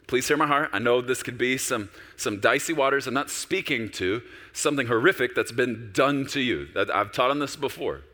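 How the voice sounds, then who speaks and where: A man preaching a sermon as a pastor, animated and conversational, acting out quoted voices. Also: mid-range voice, moderate pace, hardly any pauses, big-room sound.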